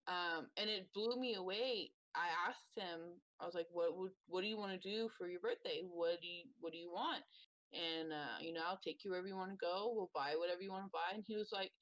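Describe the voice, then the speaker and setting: Mom on a podcast telling sweet stories about her kid, lively, dry sound. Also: fairly low pitch, brisk, no echo, rough recording. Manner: animated, heartfelt storyteller. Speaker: parent on a podcast. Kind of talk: casual chat.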